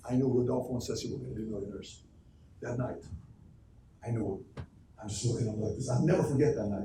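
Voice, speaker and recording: A man's voice: mid-range voice, background noise. A man, a CEO, telling a motivational story to his staff in punchy, emphatic short sentences. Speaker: CEO giving a talk to staff. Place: office room. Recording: echoey room, distant mic, faint ambience.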